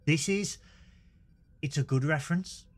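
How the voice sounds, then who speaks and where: A man's voice: on the high side, a little slow. Playful man recapping. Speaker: podcast co-host. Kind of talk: casual review chat.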